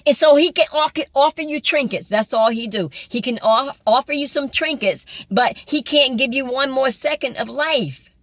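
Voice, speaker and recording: A woman's voice: sits high, moderate pace, few pauses, no echo. A woman giving an informal spiritual sermon, emphatic, repeating phrases and asking rhetorical questions. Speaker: spiritual preacher.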